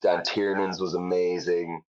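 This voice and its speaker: A man's voice: sits low, little pitch movement, a little slow, darkish tone, highs cut off. A young Irish man, a comedian, chatting casually in an interview, self-deprecating, with lots of fillers. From Ireland. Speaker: comedian guest.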